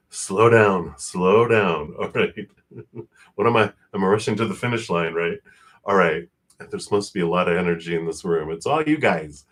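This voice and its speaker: His voice runs low and animated as he gives tarot readings live to viewers. Warm and quick, he talks about spirit and energy, frequently laughing and calling himself breathless.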